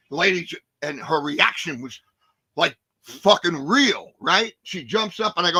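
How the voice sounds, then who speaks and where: A man in his sixties, a guest actor telling animated, profane stories in a casual interview. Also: a little high, fairly quick, dry recording. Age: 60s. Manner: animated, profane, acts out scenes.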